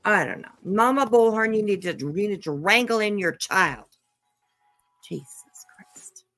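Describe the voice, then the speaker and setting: A woman's voice: mid-range voice, moderate pace, fairly bright tone, faint music behind. A woman hosting a livestream, reacting to clips in casual commentary, blunt and profane and laughing often. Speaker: livestream host.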